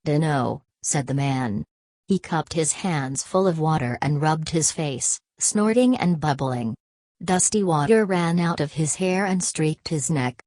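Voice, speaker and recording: Woman narrator, low voice, steady measured reading, dry close sound, audiobook. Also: no echo.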